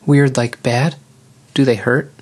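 A man voicing a playful young lioness girl in an audiobook, lifting his voice into a bright teasing lilt. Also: medium pitch, steady tone, slow, pitched above the performer's own voice. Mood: worried. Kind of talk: audiobook character voice.

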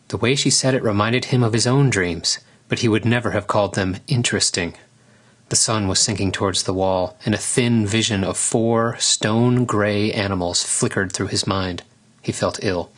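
A man narrating a storybook chapter in a measured, even reading style. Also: on the low side, breathy edge. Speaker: audiobook narrator. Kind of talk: scripted narration.

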